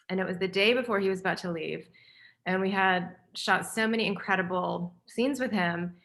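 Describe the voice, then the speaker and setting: A woman film director on a panel, telling a story with lively acted-out dialogue. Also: mid-range voice.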